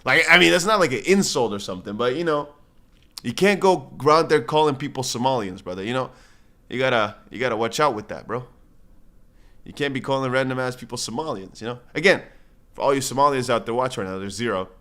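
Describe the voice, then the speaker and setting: A man hosts a relaxed crypto livestream and talks off the cuff. He rambles from point to point in a slangy way, often calling his viewers bro or brother. He reads out their comments and answers them as he goes. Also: medium pitch, fast. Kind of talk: casual livestream chat.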